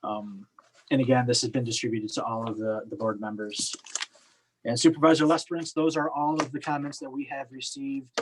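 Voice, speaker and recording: A man's voice: mid-range voice, level tone, fairly quick, slight background noise, rough recording. A man on township staff giving a formal report at a meeting, plain and hesitant with many fillers.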